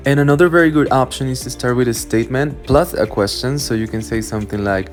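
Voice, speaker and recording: Man, English teacher, scripted lesson, clear instructive delivery, soft background music. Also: medium pitch, fast. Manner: clear, instructive, addresses viewers as you guys.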